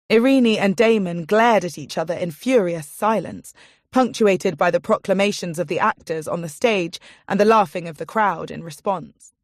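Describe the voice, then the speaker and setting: A woman's voice: fairly low pitch, dry recording. Woman narrating an audiobook, dry and close. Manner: measured storytelling. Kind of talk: scripted narration.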